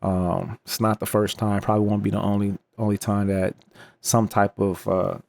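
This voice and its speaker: A man's voice: on the low side, flat delivery, moderate pace, vocal fry, a little mellow. A man hosting a crypto channel, talking through the news in a loose, chatty way with slangy asides. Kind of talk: casual news commentary vlog.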